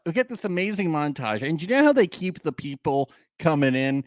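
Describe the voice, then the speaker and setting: A man's voice: mid-range voice, big pitch swings, normal speed, no room sound, clean studio sound. A young man co-hosting a casual recap podcast, joking and swearing often and laughing between lines. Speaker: podcast co-host.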